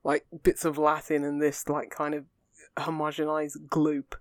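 A young adult chats on a podcast at a middling pitch. The talk rambles earnestly, looping through fillers and restarts. The sound is dry and close. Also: completely flat delivery, measured pace, no echo. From England. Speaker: podcast co-host. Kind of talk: casual chat.

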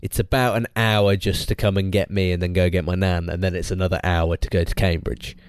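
A young man with a low, clean-toned voice speaks briskly in a studio-quality recording with no echo. As a podcast co-host in casual chat, he rambles through animated stories and frequently restarts.

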